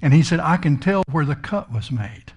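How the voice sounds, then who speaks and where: A middle-aged man preaches a storytelling sermon in a folksy, emphatic style, his voice swelling on key words. It's fairly high-pitched and animated, with a darkish tone and a moderate pace.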